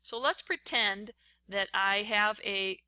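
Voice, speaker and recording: A woman's voice: mid-range voice, slow pace, bright, forceful tone, dry recording. A woman teacher talking step by step through a writing lesson while she types on screen. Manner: step-by-step, talks while typing.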